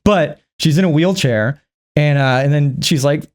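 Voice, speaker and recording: A man's voice: fairly high pitch, measured pace, a little mellow. A man vlogging a rambling movie recap, profane and chuckling often.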